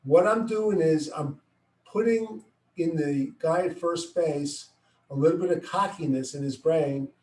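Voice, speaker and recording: A middle-aged man explains a baseball play step by step, acting out what he calls to his players. His voice sits slightly high. He stands away from the mic, and the room echoes around him. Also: unhurried, far from the mic. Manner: explains plays step by step, acts out yelling at players. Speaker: baseball coach. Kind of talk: coaching instruction.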